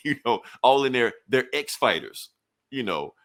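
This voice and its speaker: A man casually reviewing a comic book, animated and acting out scenes with quick voices. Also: mid-range voice.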